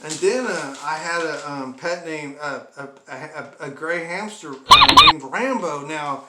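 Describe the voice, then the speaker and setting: A man tells comic stories in a rambling, chuckling manner, full of exaggerated asides. His voice sits a little high, with room echo and clear steady noise behind. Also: a little slow. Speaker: comedy vlogger. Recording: echoey room with background noise.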